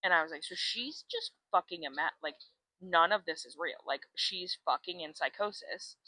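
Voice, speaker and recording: A bright-voiced woman chats casually on a podcast, retelling a story and slipping into the characters' lines. The recording is dry and close. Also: lowish voice, normal speed, no echo, rough recording. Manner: animated storyteller, acts out quotes, swears freely. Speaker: podcast co-host. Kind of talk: casual chat retelling a book plot.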